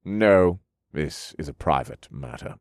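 A man's voice: a bass voice, animated, takes it slowly, no echo, studio quality, voice pushed down, heavily acted. A man voicing a curt, secretive male duke who barks clipped commands at servants in an audiobook. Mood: commanding. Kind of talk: audiobook character voice.

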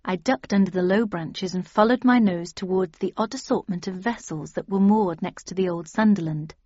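A woman's voice: lowish voice, moderate pace, a little mellow, slightly rough, dry recording, muffled recording. A woman reading a first-person story aloud, in a dry, wry manner. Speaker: audiobook narrator. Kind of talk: scripted first-person narration.

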